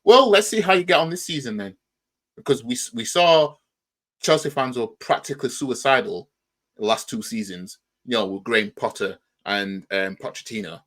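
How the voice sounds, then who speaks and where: A man's voice: mid-range voice, animated, moderate pace, a bit bright. A man with a Yorkshire accent hosting a football reaction channel, talking in a rambling, argumentative way and firing off rhetorical questions. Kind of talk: casual reaction commentary.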